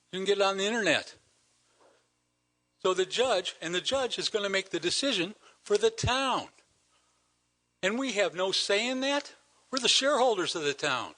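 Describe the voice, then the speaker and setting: An older man stands at a council meeting delivering an indignant public comment, hammering home rhetorical questions. His voice is bright and forceful, a touch high, and it swings widely in pitch as he presses each point. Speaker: citizen delegate at council meeting.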